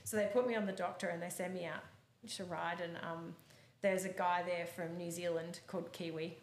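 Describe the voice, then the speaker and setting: A woman, a horse eventer telling lively stories as an interview guest, laughing often. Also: lowish voice, normal speed, roomy sound, a little hiss or hum. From Australia. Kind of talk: animated storytelling in an interview.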